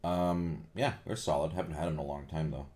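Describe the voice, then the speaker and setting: A man's voice: extremely low pitch, steady tone, brisk, a little mellow, slight background noise. A man, a voice actor, casually answering viewer questions and rambling with lots of fillers and restarts. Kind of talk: casual Q&A chat.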